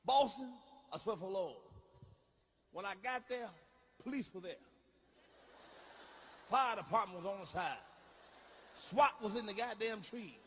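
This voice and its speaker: A stand-up comedian spinning a profane, animated story on stage, acting out the people in it. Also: male voice, high voice, unhurried, long pauses. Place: theater stage with audience. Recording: live hall, faint noise.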